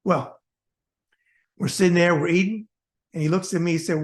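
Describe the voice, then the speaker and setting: This South Florida man, once a boxer and now host of his own show, speaks at a normal pace in a high-pitched voice with fairly even intonation. He addresses his viewers directly, sharing a personal story that's folksy and heartfelt.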